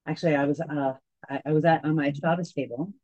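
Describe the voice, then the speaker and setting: Woman, storytelling guide, halting with many restarts, mellow warm tone, dull lo-fi sound. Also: deep voice, fairly even intonation. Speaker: tour guide. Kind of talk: telling a story to a group. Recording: dull lo-fi recording.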